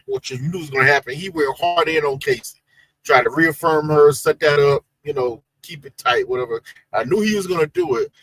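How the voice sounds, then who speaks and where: A man co-hosting a reality TV recap chat, animated, emphatic and full of slang. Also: fairly high pitch, dry recording, rough recording. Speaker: co-host of a reality TV recap show. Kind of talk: casual chat.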